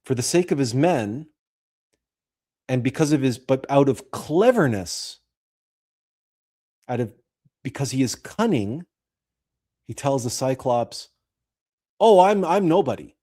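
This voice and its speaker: Guy hosting a show, walks through an old story nice and slow, mellow tone. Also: medium pitch, lively intonation. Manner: deliberate, explanatory storytelling. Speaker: host. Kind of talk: commentary and retelling of a classic story.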